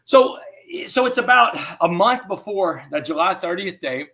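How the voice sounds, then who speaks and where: A man giving an interview. He tells a personal story in an animated way and often says "man.". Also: high-pitched, moderate pace. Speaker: interview guest.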